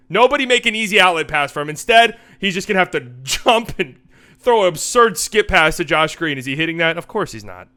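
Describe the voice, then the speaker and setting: Bright-voiced young man breaking down basketball. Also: on the high side. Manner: animated, joking, swears casually. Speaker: basketball analysis host. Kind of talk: casual sports breakdown commentary.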